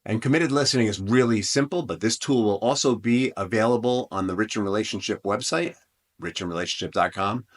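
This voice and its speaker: A man's voice: lowish voice, a little fast. A man hosting a relationship advice podcast, talking in an earnest, conversational way with frequent restarts and asides. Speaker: podcast host.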